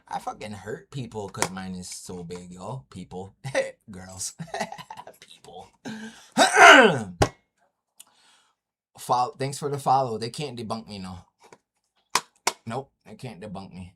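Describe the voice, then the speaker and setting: A man's voice: mid-range voice, big pitch swings, slow pace, long pauses, bright, forceful tone, a little hiss or hum. A man on a casual live stream, trash-talking in a brash, profane way and laughing often. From Indigenous North America. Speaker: livestreamer. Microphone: streaming mic at home.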